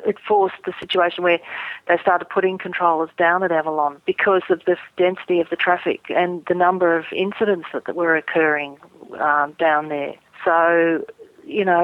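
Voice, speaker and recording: A middle-aged woman, an airline pilot, speaking earnestly and measured as a guest in a phone interview. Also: fairly low pitch, no echo. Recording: tinny phone line.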